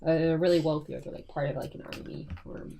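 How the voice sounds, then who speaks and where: A woman's voice: sits low, fairly even intonation, quick pace, vocal fry, dark tone, a little hiss or hum. A woman playing a tabletop game, chatting casually and speaking formally in character. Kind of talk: casual chat and in-character speech.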